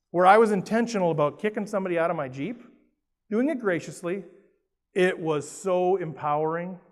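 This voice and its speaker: A middle-aged Minnesotan man with a rather high voice delivers a lively motivational talk from a conference stage and keeps turning questions to the crowd. His voice carries a long reverb from the big hall. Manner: lively and playful, asks the audience questions. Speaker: keynote speaker. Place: large conference hall with an audience.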